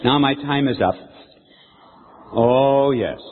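A man's voice: mid-range voice, slow, slight background noise. An older man preaching a sermon, telling a folksy story and quizzing his audience. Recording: echoey hall, tinny phone-like sound.

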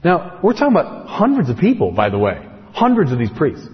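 A man preaching a sermon, telling the story with dramatic pauses and slow, heavy emphasis. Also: a little high, huge pitch swings. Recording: muffled with long hall reverb.

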